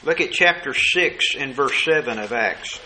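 A man preaching a sermon, asking rhetorical questions and slowing down to stress key words. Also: medium pitch, lively intonation, pushed and bright, slight background noise, poor audio.

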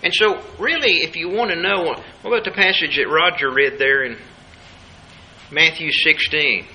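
A man's voice: fairly high pitch, moderate pace, pushed and bright, rough recording. A man preaching a Bible study sermon, emphatic and repeating his key phrases for weight.

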